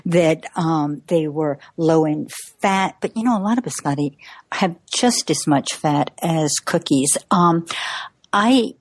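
A woman's voice: low voice, slow, no echo. A woman in her sixties, a cookbook author from the United States, talking in a chatty way with frequent laughs and fillers during an interview. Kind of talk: interview conversation.

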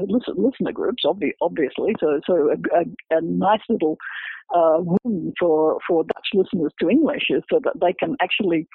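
A high, husky man's voice with a gravelly creak, talking like a lecturer and laying out examples one by one. The audio is tinny and phone-like, with a dry, close sound. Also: dry recording. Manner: lecturing, walks through examples step by step. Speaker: researcher and author discussing his book. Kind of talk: explanatory academic interview talk.

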